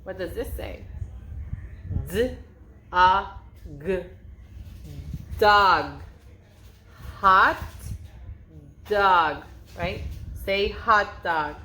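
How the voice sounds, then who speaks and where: A preschool teacher leads a circle-time lesson for young children, her medium-pitched, sharp voice patient and sing-song as she draws out her words. The room sounds spacious, with slight background noise.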